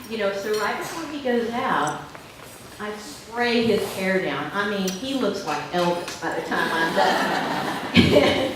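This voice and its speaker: A woman giving a keynote speech, telling a lively anecdote to an audience with laughs along the way. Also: mid-range voice, noisy background. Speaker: keynote speaker. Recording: echoey hall from far off with dish clatter.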